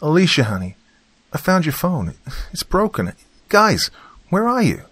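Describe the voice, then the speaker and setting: A man's voice: fairly high pitch, animated, normal speed, bright, forceful tone, no echo, voice pushed up, heavily acted. A man voicing a distressed mother calling breathlessly into a cave for her husband and daughter. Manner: breathy, pleading.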